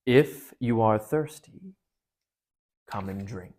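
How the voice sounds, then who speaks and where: A man reading aloud and voicing a great talking lion, slow and grave, with a deep, heavy voice. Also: a little mellow. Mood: solemn.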